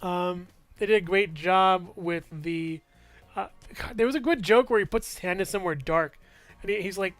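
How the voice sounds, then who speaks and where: High, smooth-voiced man rambling about movies. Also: normal speed, fairly bright tone, no echo, faint music behind. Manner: rambling, full of fillers and restarts, chuckles often. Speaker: movie reviewer. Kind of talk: casual movie review vlog.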